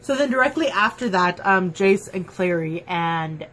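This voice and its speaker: A woman in a casual fan review, chatting at home in an excitable, gushing way full of fillers. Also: lowish voice, unhurried. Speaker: TV episode reviewer. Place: at home, dog nearby.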